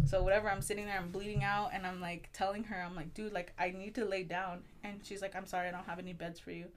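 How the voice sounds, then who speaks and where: A young woman telling a personal story in casual chat, animated, swearing a lot and acting out the voices she quotes. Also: mid-range voice, quick pace, slight background noise. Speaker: guest storyteller.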